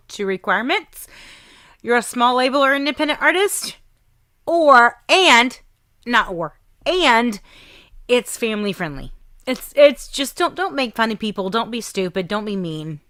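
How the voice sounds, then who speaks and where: A woman with a Southern American accent hosting a radio show, chatting warmly and gushing about the music with frequent laughs. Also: a little high, lively intonation, normal speed, no echo. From Southern United States. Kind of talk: casual radio show chat.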